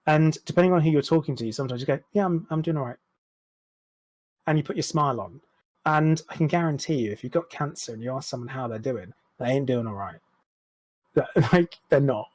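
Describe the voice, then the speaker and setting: A man's voice: medium pitch, fast talker, darkish tone, no room sound, poor audio. A man, speaking frankly and reflectively as a podcast guest, swearing now and then. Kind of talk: candid interview chat.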